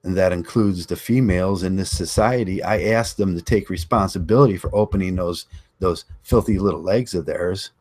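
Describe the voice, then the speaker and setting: A man's voice: sits low, normal speed, a little mellow. A man hosting his own channel, delivering a blunt, combative monologue and repeating lines for emphasis. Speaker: online channel host. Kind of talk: ranting monologue.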